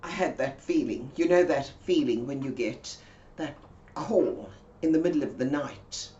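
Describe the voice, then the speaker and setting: A woman telling an anecdote slowly and quietly, with dramatic pauses. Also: low-pitched, animated, muffled recording. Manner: slow and hushed, with dramatic pauses. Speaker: storyteller. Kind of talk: told anecdote.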